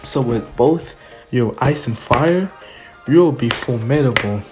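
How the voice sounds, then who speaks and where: Brief: cocky young hero, calm and teasing, in a male fan narrator's own voice. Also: medium pitch, slow pace, soft background music. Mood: smug. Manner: smug, teasing.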